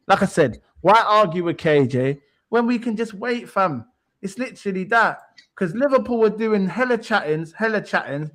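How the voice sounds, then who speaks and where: A man's voice: sits high, fairly bright tone. A man co-hosting a podcast, boastful and taunting in football banter. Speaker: podcast co-host.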